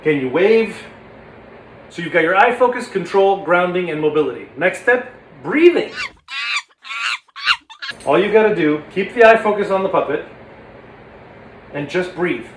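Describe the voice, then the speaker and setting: A man teaching puppetry in a casual, energetic, demonstrative way. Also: high voice, unhurried, long pauses, reverberant, slight background noise. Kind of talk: casual instructional talk.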